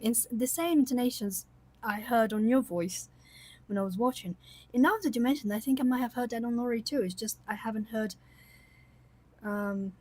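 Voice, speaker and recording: Chatty woman with a husky voice. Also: a little high, a little mellow, no echo. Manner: chatty, rambling, frequent fillers and laughs. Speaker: coloring channel host. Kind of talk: casual livestream chat with viewers.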